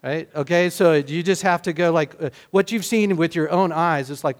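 A male pastor giving a sermon in a conversational way, often restarting phrases and swinging between loud emphatic bursts and quiet asides. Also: fairly high pitch, moderate pace.

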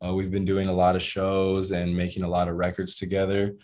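A young American man, a musician, telling stories in a casual interview with laid-back slang and animated retelling. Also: sits low, brisk. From United States. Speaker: musician and rapper.

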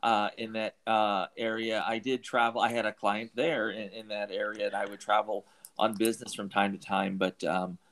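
A man's voice: on the low side, little pitch movement, moderate pace, a bit bright. A middle-aged man from Southern California hosting an interview, talking in a rambling way with many restarts and fillers. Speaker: podcast host. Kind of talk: conversational interview.

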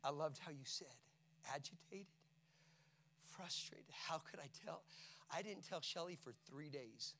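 A middle-aged man preaches with a high-pitched voice. He tells a personal story with heavy emotion, moving between quiet near-whispers and full shouts. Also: unhurried, gravelly. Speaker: pastor. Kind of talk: sermon.

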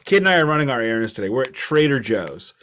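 A man co-hosting a podcast, telling rambling stories in quick, self-deprecating bursts. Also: medium pitch, very animated, fairly bright tone, a little hiss or hum. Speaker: podcast co-host. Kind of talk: casual podcast chat. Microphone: computer mic from home.

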